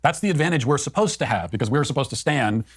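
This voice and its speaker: A man's voice: mid-range voice, lively intonation, quick pace, breathy edge, no room sound, clean studio sound. A man giving political commentary as a co-host, in an emphatic, argumentative way.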